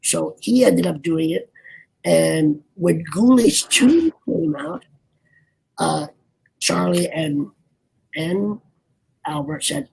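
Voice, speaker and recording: Gravelly, raspy older man. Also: on the high side, sing-song, low-quality recording. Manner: rambling, halting, many restarts. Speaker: actor guest. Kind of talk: casual interview chat. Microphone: video call.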